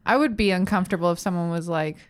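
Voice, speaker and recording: Animated woman recapping a show. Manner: animated, laughing, quick pitch jumps. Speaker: podcast co-host. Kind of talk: casual recap chat.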